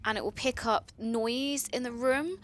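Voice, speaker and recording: A woman's voice: fairly high pitch, unhurried. A young woman chatting casually while playing a video game, chatty and giggly. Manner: chatty, giggly, does playful silly voices. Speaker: let's play co-host. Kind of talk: casual gameplay chat.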